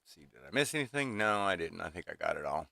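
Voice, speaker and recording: A man in his fifties hosts a livestream from a small home workshop room, venting casually and rambling to his chat with lots of restarts and fillers. His voice is low-pitched and gravelly, pushed and bright, with big pitch swings and fast talking. The sound is studio quality with no room sound.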